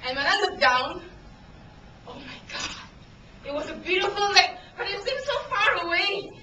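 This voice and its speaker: A woman's voice: extremely high pitch, sing-song, fairly quick, sharp tone. A woman in her thirties giving a dramatic storytelling speech at a contest, acting out scenes with shrieks and laughter. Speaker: contest speaker. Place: meeting hall. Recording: echoey hall, distant camera, noisy.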